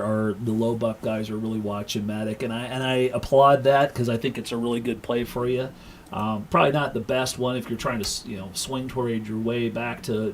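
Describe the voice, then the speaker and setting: A man's voice: medium pitch, slight background noise, poor audio. A middle-aged man hosting a crypto analysis livestream, telling a long rambling story in a casual way, full of fillers and chuckles. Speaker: crypto market analyst and stream host. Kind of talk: casual livestream chat with anecdote.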